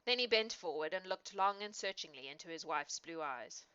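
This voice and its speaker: A woman narrating an audiobook with expressive storytelling, on a dull lo-fi recording. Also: fairly low pitch, moderate pace, clear, resonant tone. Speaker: audiobook reader.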